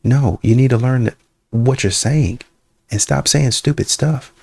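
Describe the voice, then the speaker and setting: A man's voice: mid-range voice, unhurried, creaky, darkish tone, breathy edge, dry recording. A man hosting a reaction video, talking in a casual, conversational way and sometimes putting on voices to quote people. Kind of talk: casual commentary.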